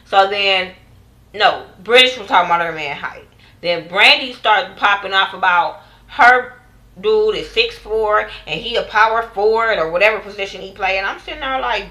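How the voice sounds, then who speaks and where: A young woman casually recapping a TV episode in a vlog, animated and profane, acting out what others said. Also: medium pitch, moderate pace, low-quality recording. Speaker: TV show reviewer.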